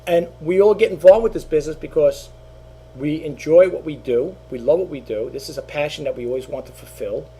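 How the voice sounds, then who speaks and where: This middle-aged eBay seller and YouTuber speaks briskly in a fairly high, slightly rough voice with a dark tone. Talking casually to his channel, he rambles, repeats points and leans heavily on fillers in a talking-head monologue.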